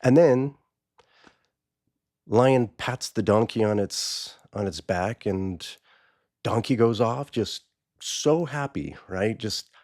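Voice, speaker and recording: A man's voice: lowish voice, takes it slowly, pauses often, a little mellow, no room sound, clean studio sound. A man podcast host telling a parable in a loose, conversational way, with restarts. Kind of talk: casual storytelling.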